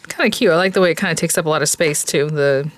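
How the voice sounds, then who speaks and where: This woman hosts a crafting video, talking quickly in a low-sitting voice. She works while chatting casually to viewers and gushes frequently about how cute things look.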